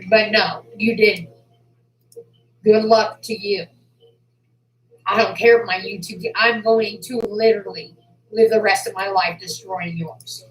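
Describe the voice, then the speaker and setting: A woman on a livestream, furious and profane, who swings between shouting and a low, seething voice. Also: fairly even intonation, unhurried, pauses often, reverberant, low-quality recording. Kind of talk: angry livestream rant.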